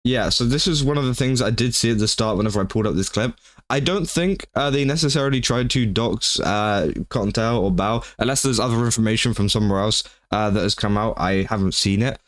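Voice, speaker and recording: A man giving casual reaction commentary on a clip, relaxed and filler-heavy, slipping in "bro" and "uh" as he talks. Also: lowish voice, fairly quick, no room sound, studio quality. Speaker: commentary YouTuber.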